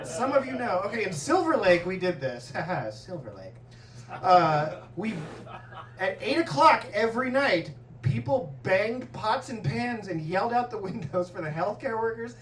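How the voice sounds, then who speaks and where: Male stand-up comic, profane and animated, heard from a distance in a roomy club. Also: high-pitched, a little hiss or hum. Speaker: stand-up comedian. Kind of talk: stand-up set. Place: comedy club stage. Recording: echoey club, distant mic, audience laughter.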